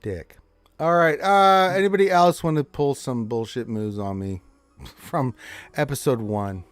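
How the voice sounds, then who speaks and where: A man's voice: medium pitch, unhurried, no echo. A man running a tabletop game as game master, joking and exasperated, swearing now and then.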